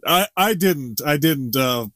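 Taking it slowly, a middle-aged man with a fairly high voice co-hosts a podcast in casual, unscripted conversation. He rambles, chuckles, and does animated impressions. The sound is dry and clean, straight from a studio.

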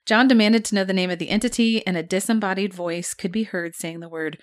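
A woman's voice: medium pitch, brisk. A woman co-hosting a podcast, casually telling a spooky story and laughing often.

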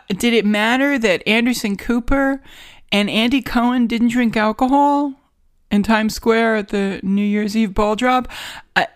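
A woman's voice: a little high, no echo, clean studio sound. Sarcastic New York woman podcaster. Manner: sarcastic, rambling, self-mocking. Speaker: podcast host. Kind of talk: casual solo podcast monologue. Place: home guest bedroom.

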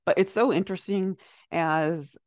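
Lower-voiced woman chatting, dry sound. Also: moderate pace, darkish tone, no room sound. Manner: rambling, reflective, lots of "like" fillers. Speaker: podcast co-host. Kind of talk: casual chat.

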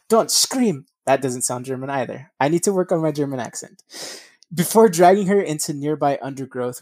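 A man's voice: mid-range voice, a little mellow, dry recording. A man reading a true crime case aloud, breaking off for blunt, profane asides and stumbling over names.

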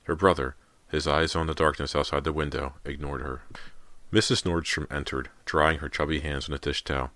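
A man's voice: very deep voice, a little fast, no echo. A man narrating a horror novel as an audiobook reader. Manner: steady storytelling read. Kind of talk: scripted narration.

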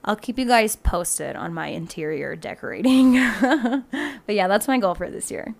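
A woman's voice: mid-range voice, lively intonation, normal speed, gravelly. A woman hosting a true-crime podcast, chatting loosely with many "like"s and laughs, then reading out case details. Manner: chatty and loose, heavy use of "like", laughs often. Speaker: podcast host. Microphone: home laptop microphone.

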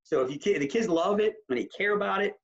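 A man, a high school basketball coach, talking animatedly in a casual interview, rambling with many restarts. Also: fast talker. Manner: animated, rambling, full of restarts and self-quotes. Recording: slightly muffled audio.

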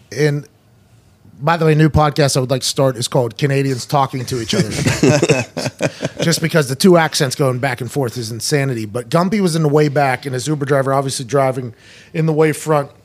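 A young man hosting a podcast, telling stories in animated casual chat, laughing and acting out voices. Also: mid-range voice, a little fast. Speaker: podcast host.

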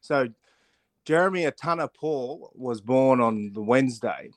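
A middle-aged man chatting as a rugby pundit, quick to laugh and tumbling over his own restarts. His pitch sits in the middle for a man and swings up when he gets excited. The sound is dry and close. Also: no echo. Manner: animated, laughing storyteller, full of restarts. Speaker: rugby pundit, weekly guest. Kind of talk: casual radio chat.

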